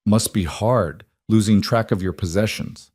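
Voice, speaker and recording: A man's voice: fairly low pitch, measured pace, a little mellow, no echo, studio quality. A man voicing an older male crime boss who taunts his rival in a sly, mocking way.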